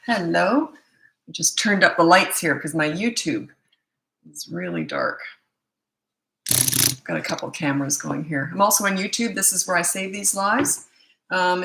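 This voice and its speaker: Woman in her sixties, from Canada, bright forceful voice, rambling live-stream chat, echoey room. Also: fairly low pitch, normal speed, long pauses. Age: 60s. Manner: chatty, rambling, with frequent fillers and self-corrections. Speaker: parenting coach hosting a live stream. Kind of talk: casual live-stream chat reading viewer comments.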